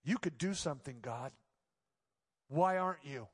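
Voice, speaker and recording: A middle-aged man preaching a sermon, telling a personal story and building to loud, pleading passages. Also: on the high side, moderate pace, breathy edge. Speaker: pastor. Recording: long church reverb.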